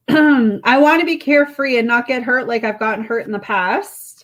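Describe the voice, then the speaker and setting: A woman's voice: on the high side, normal speed, a bit bright. A woman doing a live tarot reading, chatting casually with viewers and reading card messages aloud. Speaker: tarot reader.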